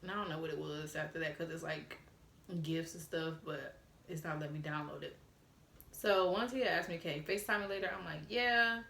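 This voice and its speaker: A woman's voice: sits low, a little fast, gravelly, fairly bright tone, slight background noise. A young woman vlogger telling a story casually, blunt and frank, swearing freely and mimicking the texts she got. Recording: roomy echo.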